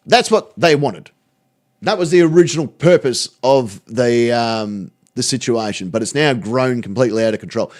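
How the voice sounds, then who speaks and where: A man's voice: mid-range voice, moderate pace. A man with an Australian accent, hosting a channel and reacting to social media posts in a sweary, sarcastic way. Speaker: channel host.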